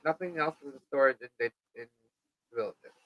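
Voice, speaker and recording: A middle-aged woman co-hosting a live podcast, chatting casually and telling an animated story in which she acts out what people said. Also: extremely low pitch, a little fast, no echo, muffled recording. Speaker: podcast co-host.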